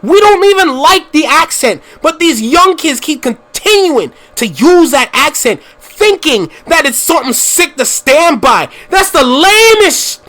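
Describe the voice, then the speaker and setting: A man's voice: very high voice, big pitch swings, a little slow, few pauses, sharp tone. A man from Canada with a slight Toronto accent, hosting a reaction channel and talking emphatically, often repeating a line for stress. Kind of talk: casual reaction commentary.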